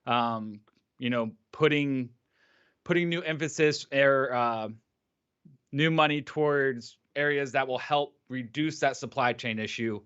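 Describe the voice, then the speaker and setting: A man co-hosting a live market stream, casual and blunt in his opinions. His voice sits at an ordinary pitch. The audio is dull and lo-fi. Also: measured pace, fairly bright tone, smooth. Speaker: market show co-host.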